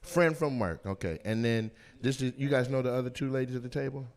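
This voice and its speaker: A man doing loud, teasing crowd work as a stand-up comedian on a comedy club stage, with a handheld mic. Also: medium pitch. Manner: loud, teasing, quick-jumping between voices.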